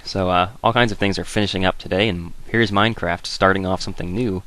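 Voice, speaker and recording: A man's voice: deep voice, steady tone, fast talker, sharp tone. A man hosting a casual let's-play, rambling and thinking aloud with wry asides as he plays. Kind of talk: casual gameplay commentary.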